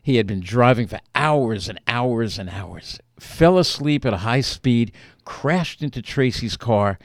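Animated male storyteller with lively pitch. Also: measured pace, no echo, clean studio sound. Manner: animated storyteller who acts out quotes. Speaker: author and interview guest. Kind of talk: emotional personal storytelling.

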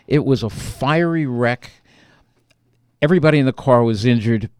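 A man telling a personal story as an author being interviewed, animated and acting out the lines he quotes. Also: medium pitch, moderate pace, clear, resonant tone, no room sound, studio quality.

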